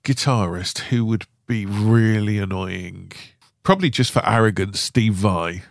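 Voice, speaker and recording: A man's voice: on the low side, gravelly, no room sound. A man hosting a podcast interview, joking and punning on a podcast mic. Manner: jokey, quick with puns. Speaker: podcast host. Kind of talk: casual interview.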